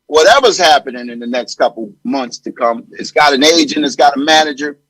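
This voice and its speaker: A male comedian guest talking loosely and animatedly about his work. His voice is high and husky. It sounds close-miked and fully dry. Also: fairly quick, a bit bright, no echo, low-quality recording. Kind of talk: casual interview chat.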